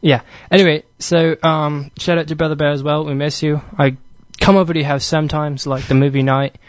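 A man's voice: on the high side, little pitch movement, fairly quick, no room sound. A young man hosting an internet radio show, chatting casually and rambling with fillers in a jokey put-on British accent. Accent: mock British (put on).

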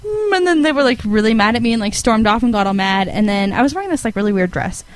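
A teenage girl casually telling a long dream story, giggling and rambling, with high, lively quoted voices. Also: fast, no echo, rough recording.

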